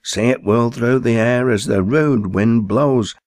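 A man's voice: mid-range voice, unhurried, a little mellow, no echo, studio quality. A man with a Lancashire accent reciting dialect poems, lifting his voice for the quoted characters. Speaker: poetry reader.

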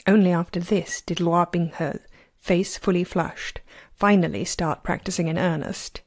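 A woman's voice: on the low side, moderate pace. Woman reading a fan audiobook. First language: not Chinese. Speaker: amateur reader. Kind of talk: audiobook narration.

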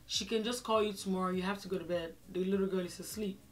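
A woman's voice: mid-range voice, steady tone, fast, close to an everyday voice. A woman voicing a strict female employer who scolds about bedtime in a firm tone. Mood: stern.

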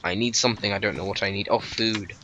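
A man's voice: fairly low pitch, fairly even intonation, fast talker, highs cut off. A man hosting a casual gameplay commentary, bickering with his co-player in a mock-indignant, sarcastic way. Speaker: gaming channel host. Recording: noisy home recording with keyboard clicks.

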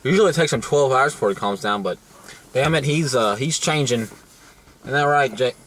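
Bright-voiced man hosting a joking vlog. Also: mid-range voice, lively intonation, moderate pace, a little hiss or hum. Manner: rambling, jokey, lots of fillers and restarts. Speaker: vlog host. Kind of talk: casual crude joking chat.

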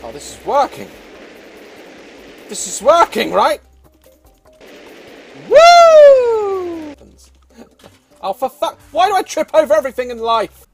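A young man giving excitable, swearing gameplay commentary, with frequent laughter and shouts. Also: extremely high pitch, moderate pace, vocal fry, long pauses, soft background music. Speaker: gaming video host.

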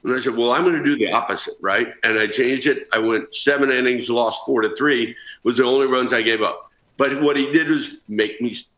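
A man's voice: medium pitch, normal speed. Man, 60s, news guest storyteller; roomy remote audio. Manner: earnest, animated storytelling. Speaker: former ballplayer guest. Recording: roomy, dull remote feed.

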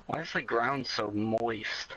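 A man's voice: medium pitch, takes it slowly, muffled recording, very noisy. A man chatting with friends during a hide-and-seek style game. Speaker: gamer. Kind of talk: casual gaming chat.

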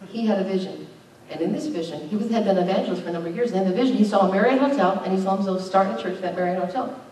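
A woman's voice: mid-range voice, very fast, dark tone, slight background noise. A middle-aged woman pastor preaching a conversational sermon with emphatic bursts. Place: church sanctuary. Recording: very echoey, distant church recording.

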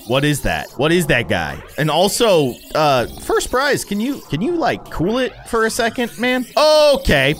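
Animated man narrating his gameplay. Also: on the high side, a little hiss or hum. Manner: animated, laughing, with sudden startled shouts. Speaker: gaming YouTuber. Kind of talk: let's-play commentary.

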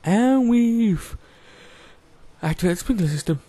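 A man's voice: high voice, expressive, a little slow, dark tone, no echo. A man giving casual, chatty let's-play commentary, joking and talking to the game's characters as he plays. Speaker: gaming YouTuber.

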